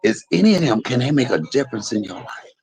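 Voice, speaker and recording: A man live-streaming from a hospital emergency room bed, talking in an animated, preachy way and repeating himself as he speaks to his viewers. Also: medium pitch, fast, creaky, husky, rough recording. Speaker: livestream host. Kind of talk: casual live stream talk.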